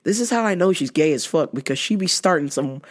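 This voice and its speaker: A brash woman rants her way through a casual comedy podcast. Her low voice swings widely up and down as she swears and mocks. She talks loose and unfiltered, like she's riffing with friends. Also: lively intonation, fast. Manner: brash, profane, laughing, mocking quoted voices. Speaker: podcast host.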